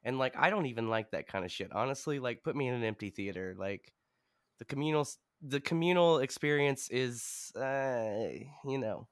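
Profane, animated man in casual chat. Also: medium pitch, moderate pace, clean tone, no echo, studio quality. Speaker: podcast co-host.

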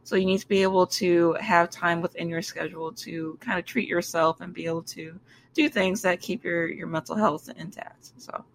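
A woman's voice: on the low side, steady tone, normal speed, gravelly, slight background noise. A woman who works as a doctor, co-hosting a podcast and talking earnestly about making time for herself. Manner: reflective, earnest advice. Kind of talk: casual chat.

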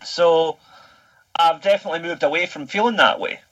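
A Scottish man in his thirties talking on a casual podcast, his voice pitched a little high and very bright. He tells his stories in an animated, chatty way and swears without a second thought. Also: normal speed, highs cut off. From Scotland. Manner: animated storytelling, swears freely. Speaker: podcast guest.

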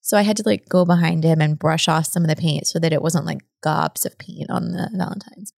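A woman's voice: low voice, fairly even intonation, a little fast, vocal fry, a little mellow, no echo, clean studio sound. A woman in her thirties co-hosting a podcast, chatty and laughing often. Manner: giggly, chatty. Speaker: podcast co-host. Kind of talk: casual podcast chat.

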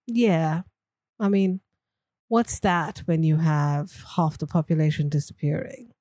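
A woman co-hosts a casual movie podcast in a mellow, warm voice. She is easygoing and agreeable and chats freely. The sound is dry and close. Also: deep voice, fairly even intonation, unhurried, no echo. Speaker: podcast co-host.

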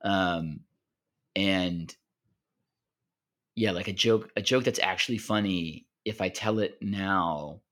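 A man co-hosts a podcast, chatting casually and playfully about comedy, joking around and doing deadpan impressions. His voice sits low, and he speaks slowly with frequent pauses.

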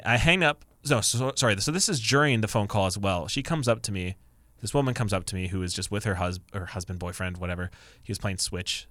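A man with a fairly low voice co-hosting a casual podcast, spinning an animated story full of quick restarts. The sound is dry and close, as on a podcast mic. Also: dry recording. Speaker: podcast co-host.

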